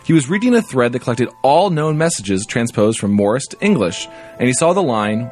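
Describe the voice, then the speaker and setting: A man co-hosting a casual podcast, reading a listener email aloud. His voice sits in the middle range but rises and falls a great deal. He tells the story with a playful, animated delivery. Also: medium pitch, normal speed, few pauses, soft background music. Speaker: podcast co-host.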